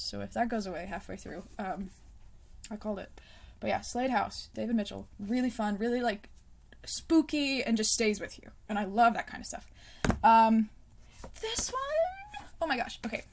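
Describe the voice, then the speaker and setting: A woman's voice: on the high side, big pitch swings, normal speed, gravelly. A young woman chatting casually about her favorite books, rambling with lots of ums and likes, laughing often and sometimes dropping to a self-conscious whisper. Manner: soft self-conscious asides, drifting into whispers. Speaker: book vlogger. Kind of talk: casual chat.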